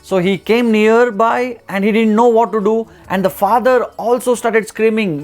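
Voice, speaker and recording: A man narrating an inspirational story in a storytelling talk. He tells it in an animated way, with soft music under his voice. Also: sits high, measured pace. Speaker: motivational speaker.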